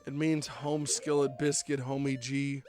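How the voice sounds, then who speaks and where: A man's voice: medium pitch, little pitch movement, unhurried, over music. A young man streaming a game, chatting casually and joking with lots of fillers. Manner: rambling, joking, many fillers.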